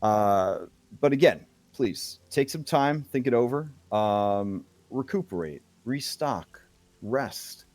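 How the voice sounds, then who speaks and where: A man voicing a stern older male official who sighs and speaks in a measured, persuasive way. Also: mid-range voice, animated, a little mellow, dry recording.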